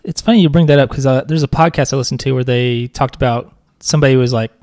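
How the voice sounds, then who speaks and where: A man's voice: medium pitch, quick pace, darkish tone, dry recording, studio quality. A young man co-hosting a podcast, chatting casually and joking, rambling with frequent laughs. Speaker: podcast co-host. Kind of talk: casual chat.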